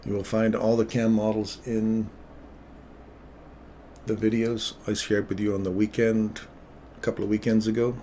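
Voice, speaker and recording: A man hosting a live trading stream, giving playful, teasing commentary with a gravelly voice. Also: lowish voice, normal speed, pauses often, slight background noise. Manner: playful, teasing, excitable calls.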